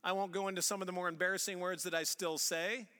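A man with a St. Louis accent preaches with a high, bright voice that rings out in a big reverberant hall. He talks to the congregation in a relaxed, storytelling way and often restarts his sentences. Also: fast talker. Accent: St. Louis, Missouri. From Missouri. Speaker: pastor. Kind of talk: sermon.

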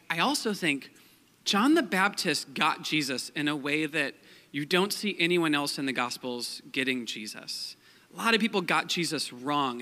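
A man's voice: on the high side, pushed and bright. A young man giving a casual, joking sermon as a pastor, full of fillers like "like" and "um". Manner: chatty, joking, many fillers like "like" and "um". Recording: long hall reverb.

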